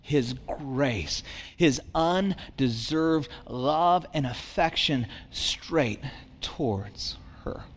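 A man in his thirties preaches a sermon in a high-pitched voice. He tells stories about his family, repeats words for emphasis and leans on dramatic pauses. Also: lively intonation, long reverb tail. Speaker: pastor.

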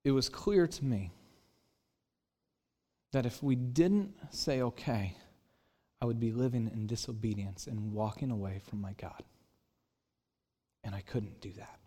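A middle-aged man preaching a sermon as pastor, telling a personal story and acting out the dialogue, swinging between quiet and loud. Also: medium pitch, slow pace, long pauses.

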